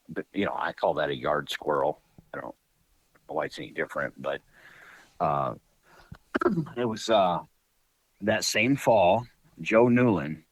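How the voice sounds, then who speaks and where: Deep-voiced folksy man telling stories. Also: no echo, low-quality recording. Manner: rambling, folksy, many fillers. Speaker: podcast guest, dog breeder. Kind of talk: casual storytelling.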